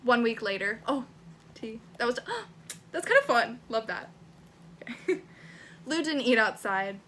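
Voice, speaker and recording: A woman's voice: fairly high pitch, animated, a little slow, bright, forceful tone, a little hiss or hum. A young woman vlogging casually, reading her old teenage writing aloud, swearing freely and laughing at herself. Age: young adult.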